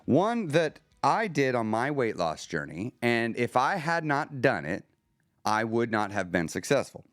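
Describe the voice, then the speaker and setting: A man's voice: mid-range voice, sing-song, measured pace, a bit bright, no echo, clean studio sound. A man hosting his own weight loss podcast, speaking earnestly in a coaching tone with rhetorical questions. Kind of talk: motivational podcast monologue.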